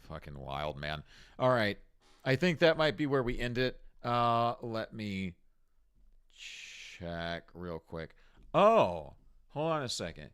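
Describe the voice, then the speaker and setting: A man's voice: lowish voice, sing-song, slow, fairly bright tone, clear, resonant tone. A man hosting a ranting commentary on video clips, exasperated and mocking, with frequent swearing. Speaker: commentary host.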